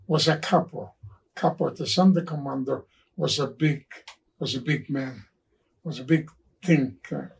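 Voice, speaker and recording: A husky, gravelly man in his nineties tells his story slowly, restarting and repeating words as he goes. His voice sits a bit high for his age. He is heard from some distance from the microphone. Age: 90s. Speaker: Holocaust survivor telling his story. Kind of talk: personal testimony, slow and halting.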